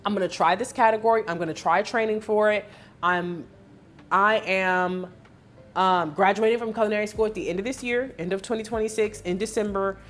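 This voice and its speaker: A woman fitness coach giving a candid vlog recap, telling her story in an emotional, expressive way with lots of fillers. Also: medium pitch, fairly quick, slight background noise.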